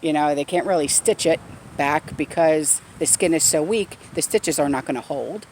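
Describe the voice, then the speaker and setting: A woman's voice: low voice, normal speed, darkish tone, slight background noise. A woman vlogger telling a story in a casual, blunt way, swearing freely, recorded outdoors in her backyard garden.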